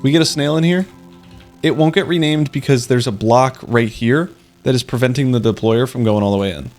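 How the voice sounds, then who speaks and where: A man's voice: mid-range voice, fairly quick, darkish tone. A young man commenting on his live game stream in a playful, joking, mock-dramatic way. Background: faint game music.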